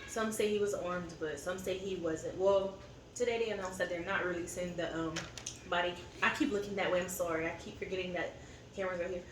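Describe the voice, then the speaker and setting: A woman with a fairly low, fairly even voice talks briskly, candidly venting and rambling with fillers as co-host of a family eating channel during a casual chat over a meal. The camera sits at a distance in an echoey room, picking up background noise and faint ambience.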